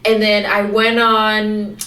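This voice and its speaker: A woman's voice: medium pitch, level tone, slow pace, bright, forceful tone, far from the mic. A woman co-hosting a podcast, telling a story in an exasperated way and swearing often. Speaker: podcast co-host. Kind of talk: casual storytelling chat. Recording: roomy, off-mic sound.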